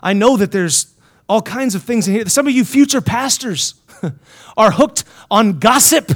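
A man preaching a sermon at a Bible college, emphatic and full of questions to his listeners, swinging between loud and hushed lines. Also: high-pitched, expressive, unhurried. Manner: asks the listeners many questions.

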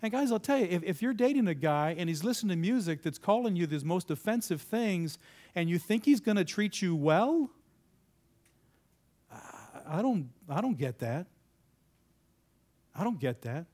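A man's voice: sits high, sing-song, normal speed, pauses often, mellow. A man giving a conversational, sermon-style talk, asking the audience questions and repeating their answers, with sudden emphatic lifts. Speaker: speaker addressing a live audience.

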